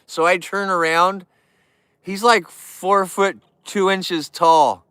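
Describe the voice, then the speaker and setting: Young sounding dude joking around on a stream, smooth clear voice, dry close mic. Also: male voice, sits high, slow pace, bright, forceful tone, no echo. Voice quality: youthful-sounding. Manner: joking, goofy, chatty. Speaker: livestream host. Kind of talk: casual livestream chat.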